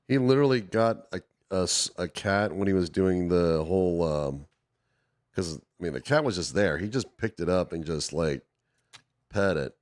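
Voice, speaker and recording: A man with a very deep voice chats as a guest. He speaks haltingly, restarting and trailing off, and laughs along often. The sound is dry and close to the mic. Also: lively intonation, no room sound. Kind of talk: casual chat.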